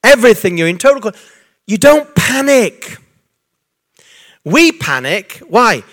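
Guy preaching, high voice, chatty, keeps restarting himself. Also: a little slow. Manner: animated, conversational, with many restarts and asides. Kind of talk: sermon.

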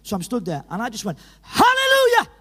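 High-voiced Welsh man preaching in a hall. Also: very fast, a little hiss or hum. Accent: Welsh, from Llanelli. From Wales. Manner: animated, storytelling with laughs, rising to urgent calls. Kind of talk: lively evangelistic sermon. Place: church hall. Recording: reverberant hall.

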